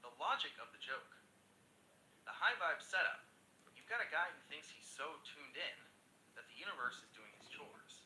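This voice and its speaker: A cheeky AI voice in a man's tone, telling jokes in a chatty storytelling way. The tone is very bright and animated in pitch. The sound is echoey, with a faint rumble behind it. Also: moderate pace. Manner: cheeky, chatty joke delivery. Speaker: AI chatbot joke teller.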